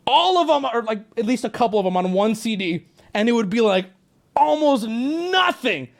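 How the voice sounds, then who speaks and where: Animated high-voiced male streamer. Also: quick pace, gravelly. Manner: animated, rambling, swears freely, talks to chat. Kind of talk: casual live-stream storytelling.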